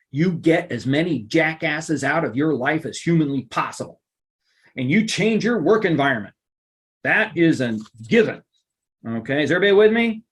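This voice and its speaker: A middle-aged man giving a live online workplace lunch-and-learn, emphatic and animated, repeating phrases for effect. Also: on the high side. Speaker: workplace trainer and coach.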